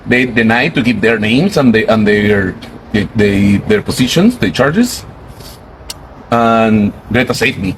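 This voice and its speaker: Earnest low-voiced man recounting an ordeal. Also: lively intonation, unhurried, a little hiss or hum, low-quality recording. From Mexico. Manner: earnest, careful, searching for words. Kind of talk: testimony to camera.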